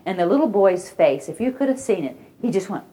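A woman's voice: mid-range voice, expressive, fairly quick, dark tone, slightly rough. A woman giving a parenting lecture, telling anecdotes and acting out children's cries and voices along the way. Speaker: parenting educator.

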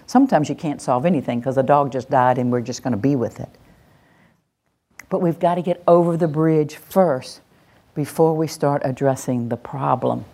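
A woman leading a workshop on handling children's emotions, explaining steps and demonstrating soft, soothing phrases. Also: a bass voice, moderate pace. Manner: calm, coaching, slips into soft soothing phrases when demonstrating. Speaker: parenting and classroom trainer. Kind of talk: workshop teaching with acted demonstrations.

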